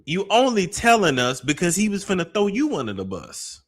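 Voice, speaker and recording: Animated high-voiced male commentator. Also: normal speed, husky. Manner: animated, laughing, profane, incredulous. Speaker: show host and commentator. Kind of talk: reaction commentary.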